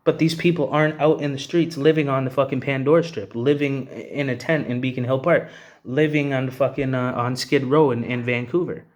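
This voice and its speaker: In a mid-range voice with a steady tone, a Canadian vlogger speaks a little fast as he rants angrily to camera. He's agitated and profane, and "you know what I mean" keeps coming up.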